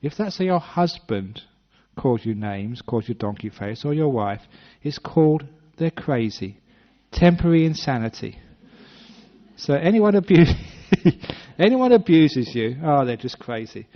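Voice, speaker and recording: A man's voice: a little high, sing-song, a little slow. An English man in his sixties, a Buddhist monk telling a story with humor during a dharma talk, putting on little voices for the characters. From British-born, based in Western Australia. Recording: dull lo-fi talk recording.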